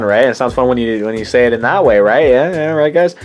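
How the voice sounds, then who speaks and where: A man's voice: mid-range voice, brisk, hardly any pauses, soft background music. A young man hosting his own channel, chatting casually and rambling through his game collection, often correcting himself mid-sentence. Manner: rambling, chatty, self-correcting with many fillers. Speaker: channel host.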